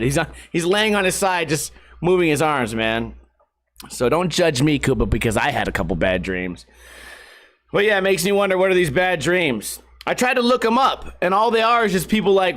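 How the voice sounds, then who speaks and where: High-voiced man, rambling and profane. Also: fairly quick. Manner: rambling, profane, animated storytelling. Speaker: podcast host. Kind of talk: casual solo podcast monologue.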